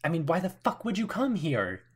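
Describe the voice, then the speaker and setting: A man's voice: wildly swooping pitch, moderate pace, slightly rough, exaggerated voice. A man putting on a jumpy, swearing hideout woman. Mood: alarmed. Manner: shrill, panicky questions. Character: jumpy, foul-mouthed woman hiding with a knife.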